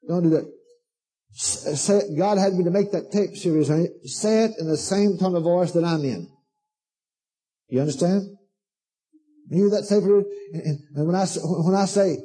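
Husky high-pitched preacher guy, fired up and repeating himself, calls everyone honey. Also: dark tone, low-quality recording. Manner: fervent, emphatic, repetitive, calls listeners "honey". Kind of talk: sermon to a congregation.

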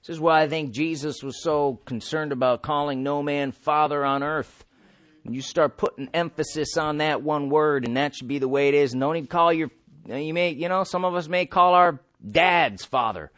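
A man's voice: fairly high pitch, moderate pace, a bit bright, no room sound. A man preaching a sermon emphatically, asking his listeners questions and answering them himself, with the odd chuckle.

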